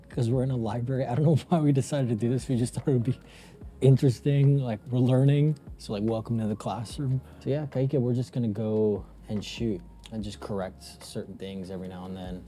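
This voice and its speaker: A young man mentoring a beginner in a casual teaching vlog, emphatic and animated, laughing often. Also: fairly low pitch.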